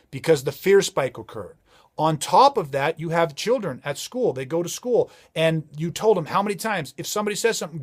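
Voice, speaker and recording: A man giving a motivational safety talk, emphatic and driving his points home with repeated rhetorical questions. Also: sits high. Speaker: safety trainer.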